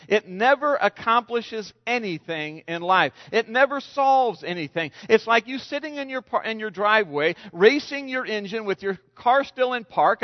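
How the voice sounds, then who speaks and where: Guy preaching a sermon, high voice, dull lo-fi sound, long church reverb. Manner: storytelling with acted quotes, halting restarts. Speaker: pastor.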